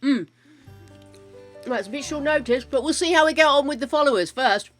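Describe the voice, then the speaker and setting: A woman's voice: high voice, quick pace, a bit bright, soft background music. An older woman streaming a life-simulation game, chatting casually to her characters and her viewers, with the odd bit of mild swearing. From United Kingdom.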